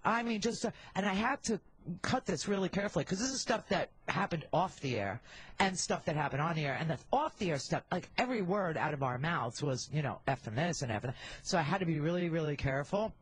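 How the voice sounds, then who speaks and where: Middle-aged woman, talk radio host, husky, candid and wisecracking, rambling asides into a handheld mic. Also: fairly low pitch, expressive, fast talker, poor audio.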